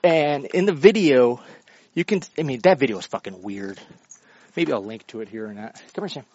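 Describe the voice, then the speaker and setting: A man's voice: mid-range voice, animated, moderate pace, a little mellow. A man delivering a blunt, profane, argumentative monologue while walking his dog. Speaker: vlogger. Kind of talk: casual ranting monologue. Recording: dull lo-fi recording.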